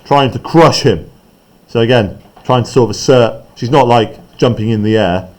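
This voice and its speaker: A male teacher walking a class through a play script at a mid pitch. He talks in a loose, conversational way, explaining as he goes and tagging his points with quick checks on the students. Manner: chatty, explaining, often checks in with "right?". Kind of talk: classroom text analysis.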